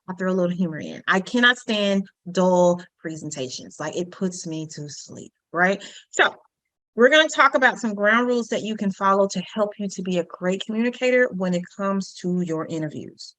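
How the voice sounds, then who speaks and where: A woman's voice: medium pitch, expressive, fairly quick, a bit bright, no echo, low-quality recording. A woman teaching an online communication workshop, chatty and humorous, throwing jokes into her lessons. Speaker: workshop instructor.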